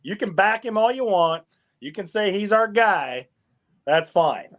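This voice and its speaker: A man's voice: high-pitched, expressive, a little slow. A man co-hosting a sports talk show, blunt and fired up, citing stats. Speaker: podcast co-host. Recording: dull lo-fi audio.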